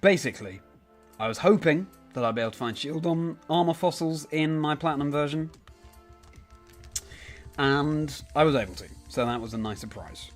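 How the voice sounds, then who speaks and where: A man's voice: fairly high pitch, expressive, moderate pace, soft background music. A young man chatting casually on a live stream, rambling and correcting himself as he answers viewers by name.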